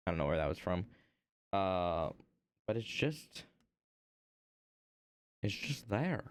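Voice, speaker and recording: A man's voice: deep voice, big pitch swings, slow, long pauses, dry recording, clean studio sound. A young man streaming while he works on an art piece, rambling casually and playfully as if half talking to himself. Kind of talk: casual chat while working.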